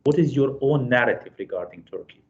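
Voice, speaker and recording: A man's voice: mid-range voice, expressive, a little fast. Male host asking his question, lots of uhs and ums, kinda muffled lo-fi audio. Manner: hesitant, with many fillers. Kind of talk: interview questions.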